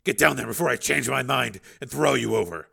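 A man reading an audiobook, voicing a blunt, irritable male cyborg police lieutenant with a gruff, forceful delivery. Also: medium pitch, expressive, a little fast, full character voice.

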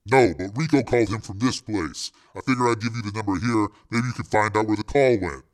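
A man's voice: on the low side, fairly quick, natural voice. A man reading a crime novel aloud, voicing a menacing hitman with clipped street slang. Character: tough, menacing male hitman named Ice.

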